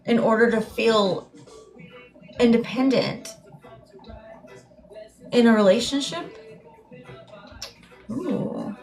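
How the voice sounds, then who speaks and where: A woman giving a live tarot reading in a meandering, heartfelt way, often repeating and restarting her words. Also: medium pitch. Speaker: tarot reader.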